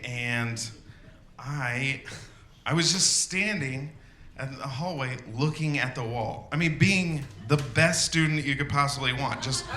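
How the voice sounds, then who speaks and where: Comic storyteller, male, unhurried, halting delivery, roomy stage sound. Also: mid-range voice. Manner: halting, full of fillers, acts out shouted quotes. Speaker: storytelling comedian. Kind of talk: live comedic storytelling.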